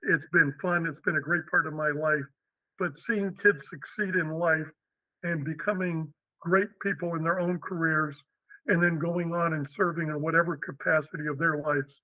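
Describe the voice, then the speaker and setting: An older man from Western Pennsylvania, a podcast guest, telling his life story in an animated way and acting out the quotes. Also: a little high, no room sound. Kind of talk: storytelling interview. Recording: slightly dull, dry lo-fi podcast audio.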